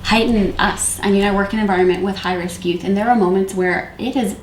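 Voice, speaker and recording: A woman who works with high-risk youth, talking calmly and reflectively about parenting, with many fillers. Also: quick pace. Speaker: youth worker. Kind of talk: conversational discussion on parenting. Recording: echoey room with faint noise.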